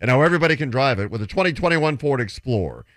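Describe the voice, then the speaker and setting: Sports radio host guy, fast and lively, dry sound. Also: mid-range voice, no echo. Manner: brisk, reads ad copy and segment intros. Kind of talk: sports talk radio hosting.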